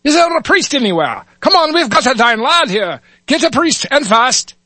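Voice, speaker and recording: A man's voice: extremely high pitch, very animated, moderate pace, bright, forceful tone, no echo, pitched above the performer's own voice, exaggerated voice. A man voicing a flustered police officer calling out urgently. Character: Irish street cop, flustered and loud.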